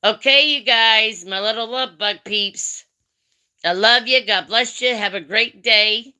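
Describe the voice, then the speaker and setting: A woman's voice: on the high side, unhurried, sharp tone. A woman hosting a casual craft chat livestream, talking in a folksy, affectionate way straight to her viewers. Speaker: live-stream craft chat host.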